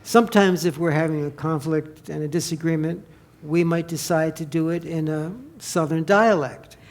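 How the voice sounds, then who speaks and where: Older guy with a high voice co-hosting a couples workshop, easygoing. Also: steady tone, moderate pace, a little mellow. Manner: easygoing, laughs along with his co-presenter. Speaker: workshop presenter. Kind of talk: conference talk. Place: church conference hall.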